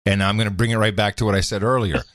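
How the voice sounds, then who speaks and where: A man's voice: lowish voice, fairly even intonation, rapid-fire, a bit bright, no echo, clean studio sound. A man who grew up in Europe, co-hosting a podcast in a casual, playful chat with lots of laughter. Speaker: podcast co-host.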